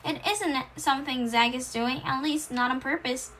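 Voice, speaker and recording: A woman's voice: high voice, moderate pace, fairly bright tone, slight background noise. A woman voicing a dramatic woman medium at a séance who talks in a spooky, theatrical way. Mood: earnest.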